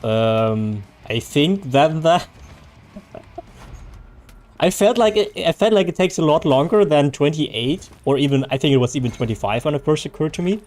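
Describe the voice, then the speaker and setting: A man's voice: a little high, moderate pace, pauses often, darkish tone, faint music behind. Chatty German-accented man streaming games. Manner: chatty, answers chat aloud, self-correcting restarts. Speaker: game streamer. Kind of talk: casual live-stream chat.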